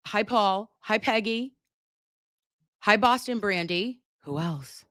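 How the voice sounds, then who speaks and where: A woman's voice: medium pitch, lively intonation, slow, a bit bright, dry recording, studio quality. A woman hosting a casual livestream from home, chatting with viewers in a playful, profane way. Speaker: livestream host.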